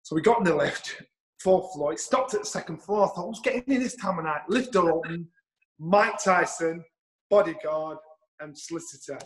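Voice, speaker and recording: A middle-aged man, telling a story in an animated way, swearing and acting out the lines he quotes. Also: fairly high pitch, normal speed, poor audio. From England. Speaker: guest storyteller. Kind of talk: anecdotal storytelling.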